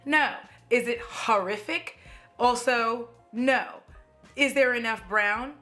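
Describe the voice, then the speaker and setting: Bright-voiced chatty American woman. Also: on the high side, slow, faint music behind. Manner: chatty, joking, swears casually. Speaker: beauty YouTuber. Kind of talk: casual chat to camera.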